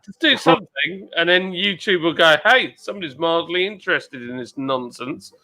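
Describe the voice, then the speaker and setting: A man's voice: on the high side, lively intonation, normal speed, pushed and bright, no room sound, rough recording. An Englishman in casual beer-drinking chat, chatty and cheeky, with hesitant restarts. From England. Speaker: YouTuber co-host.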